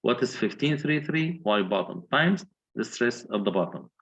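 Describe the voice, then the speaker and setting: A man's voice: medium pitch, lively intonation, normal speed, fairly bright tone, low-quality recording. A man with an Egyptian accent giving a university engineering lecture, explaining step by step and often checking that students follow.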